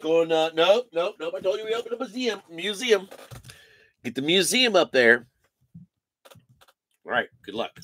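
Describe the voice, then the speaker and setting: A man hosting a live trading card break, calling out player names and giving energetic, slangy shout-outs to buyers. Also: sits high, moderate pace, pauses often, no room sound.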